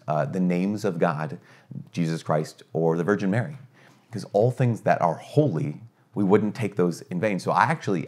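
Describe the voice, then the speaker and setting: A middle-aged man, a priest, giving a conversational teaching, earnest and energetic with rhetorical questions and frequent restarts. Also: sits low.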